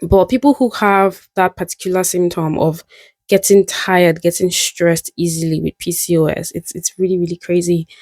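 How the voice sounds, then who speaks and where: A woman's voice: on the low side, fairly even intonation, moderate pace, a little mellow, no echo. A young woman vlogging in a candid, musing way, often laughing at herself as she reflects. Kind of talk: reflective casual monologue.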